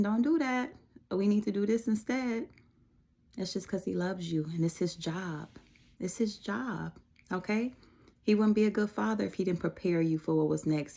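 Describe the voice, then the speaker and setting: Brief: woman, low mellow voice, reassuring faith-talk, chatty with fillers. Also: gravelly. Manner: conversational, reassuring, frequent fillers and soft laughs. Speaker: Christian devotional speaker. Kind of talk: casual devotional message.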